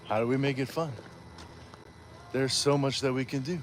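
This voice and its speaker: A man's voice: mid-range voice, fairly even intonation, moderate pace, a little hiss or hum. A man hosting a livestream on a walk, reading viewer comments aloud in a playful, chatty way. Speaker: livestream host reading chat. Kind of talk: casual livestream chat while walking. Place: outdoors on a walk.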